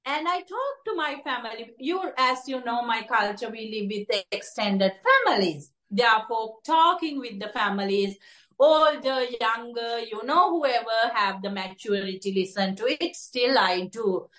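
Earnest woman therapist, English as a second language, slightly high voice, halting delivery. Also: lively intonation, fairly bright tone. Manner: earnest, halting speech with fillers and restarts. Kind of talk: conversational interview.

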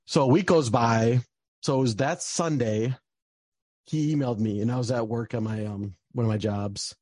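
A man's voice: medium pitch, moderate pace, a little mellow, no room sound. Rambling young man in a dry close recording. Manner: rambling, full of "like" and "um" fillers and restarts. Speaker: guest telling a personal story. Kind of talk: casual storytelling.

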